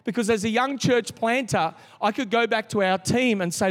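A middle-aged man preaching a sermon as a pastor, telling a story with lively restarts. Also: high-pitched, moderate pace. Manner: storytelling, animated, with frequent restarts. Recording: long reverb of a large hall.

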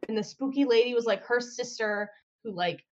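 A woman's voice: fairly high pitch, moderate pace, a little mellow. A young woman on a casual podcast who chats at length, laughs often and fills her talk with "like". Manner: chatty, laughs often, says "like" a lot. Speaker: podcast co-host. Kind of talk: casual group chat. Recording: muffled lo-fi sound.

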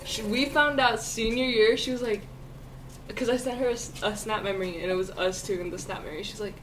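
A young woman hosting a casual chat podcast, telling animated stories, laughing often and swearing freely. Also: fairly high pitch, a little fast, recorded from a distance, noisy background. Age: young adult. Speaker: podcast host.

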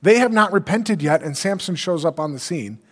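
A man's voice: high-pitched, animated, normal speed, a bit bright. Man preaching in an echoey hall. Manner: earnest preaching, quoting scripture, rhetorical questions. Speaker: pastor. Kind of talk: sermon.

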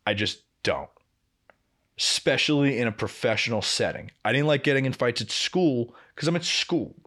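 A young man, a podcast co-host, telling a workplace story in casual chat, swearing and acting out what people said. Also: moderate pace. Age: young adult. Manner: animated, swearing, acting out quoted lines with big pitch jumps.

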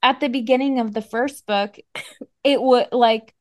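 Young female co-host, high-ish voice, dry close mic, laid-back reactive chat. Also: fairly even intonation, no room sound. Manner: laid-back, chimes in with quick reactions and laughs. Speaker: podcast co-host. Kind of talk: casual book-discussion chat.

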